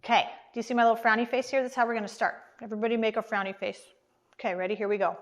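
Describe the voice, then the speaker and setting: Cheerful preschool teacher, higher voice. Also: female voice, level tone. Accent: American. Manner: slow, encouraging, speaks to small children. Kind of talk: online preschool lesson.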